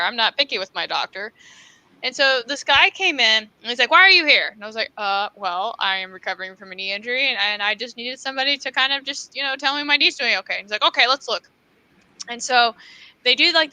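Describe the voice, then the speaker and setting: A woman co-hosting a casual writers' livestream, telling lively stories and laughing easily. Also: a little high, dry recording, rough recording. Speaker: writing livestream co-host. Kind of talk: casual chat.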